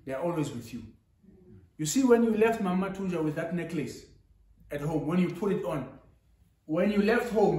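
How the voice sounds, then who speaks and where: Animated man preaching. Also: a little high. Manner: preaching with rising emphasis, mixing in Zulu. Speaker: pastor. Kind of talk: sermon. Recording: echoey church hall.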